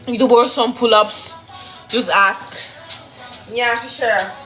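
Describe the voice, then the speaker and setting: Cooking on a phone livestream, a woman talks directly to her viewers in a casual, blunt, profane way. Her voice is a little high, with fairly even intonation and a slightly slow pace. Loud music plays in an echoey room.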